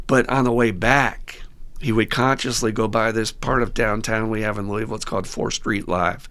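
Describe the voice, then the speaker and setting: Man hosting a podcast, casual, animated storyteller, mid-range voice. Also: mid-range voice, brisk. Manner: loose, animated storyteller, laughs often, swears casually. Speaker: podcast host and recovery sponsor.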